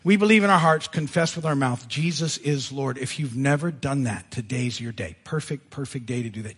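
A man preaching to his church, retelling scripture with lively asides. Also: mid-range voice, normal speed, hardly any pauses, slightly rough. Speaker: pastor. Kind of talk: sermon. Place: church sanctuary.

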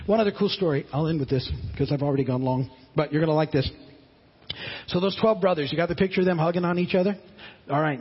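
A pastor telling a Bible story in a sermon, conversational and questioning the listeners. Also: male voice, on the high side, husky. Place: church sanctuary. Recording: muffled audio in a reverberant hall.

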